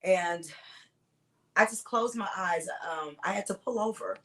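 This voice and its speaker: A woman, a singer-songwriter guest, telling stories in a relaxed interview with frequent restarts. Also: medium pitch, measured pace, rough recording. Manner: storytelling, warm recollection with frequent restarts. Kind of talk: casual interview chat.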